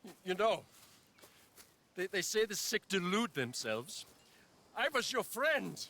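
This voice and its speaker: An actor playing a fussy old moneylender in a video game, stammering and indignant. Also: male voice, high voice, sing-song, takes it slowly, bright, forceful tone, heavily acted. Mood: bewildered. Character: aged male moneylender, fussy and pleading.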